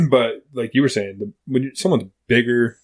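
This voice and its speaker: A man's voice: mid-range voice, lively intonation, moderate pace. A man talking as a guest in casual podcast chat, friendly and plain-spoken.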